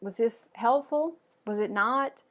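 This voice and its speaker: A woman's voice: fairly high pitch, slow pace, a bit bright. A woman teaching French pronunciation in an online lesson. She speaks patiently and encouragingly, often checking in with "okay?" and praising learners. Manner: patient, encouraging, with frequent "okay?" and "all right".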